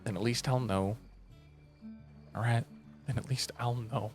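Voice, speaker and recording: Man playing a tender older mother, soft, firm, expressive pitch. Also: unhurried, faint music behind. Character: gentle but firm older mother brushing hair.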